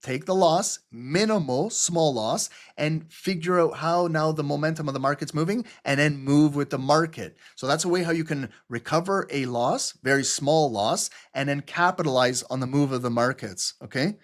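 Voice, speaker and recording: A man's voice: fairly high pitch, moderate pace, few pauses. Chatty man hosting a live trading stream. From Canada. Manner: loose and chatty, drifts into jokes and asides, swears casually. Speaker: trading livestream host. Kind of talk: casual live market commentary.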